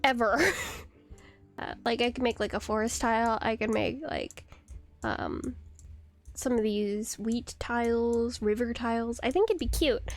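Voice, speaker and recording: A woman's voice: a little high, lively intonation, measured pace, faint music behind. A young woman streaming a game, chatting casually, rambling and giggling as she answers her chat. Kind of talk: casual live-stream chat while gaming. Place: home computer setup.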